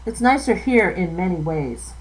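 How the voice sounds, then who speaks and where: A woman's voice: on the low side, lively intonation, normal speed, natural voice, rough recording. A woman reading the lines of a polite, eager young man home from the city.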